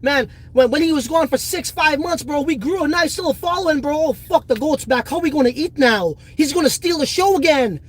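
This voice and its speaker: A man's voice: extremely high pitch, a little fast, hardly any pauses, voice pushed up. Dude doing a jealous influencer guy freaking out, whiny and panicky. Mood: panicked.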